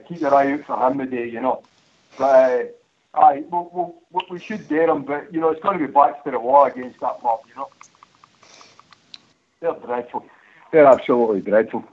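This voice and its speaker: A man's voice: mid-range voice, normal speed, a little mellow. A man calling into a radio phone-in, talking bluntly and swearing casually. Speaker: caller. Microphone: phone line. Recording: muffled phone-in audio.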